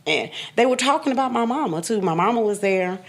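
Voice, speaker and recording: A woman's voice: fairly high pitch, lively intonation, brisk. A woman in her fifties, a podcast guest, bluntly telling her own story with emphatic repeats and occasional laughs. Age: 50s. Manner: blunt, emphatic, repeats phrases, laughs through hard memories. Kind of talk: candid personal storytelling.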